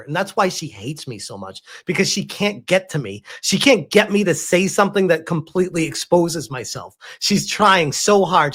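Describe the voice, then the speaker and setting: A man's voice: high voice, a bit bright. A man giving casual, emphatic commentary as he reacts to a clip, laughing often.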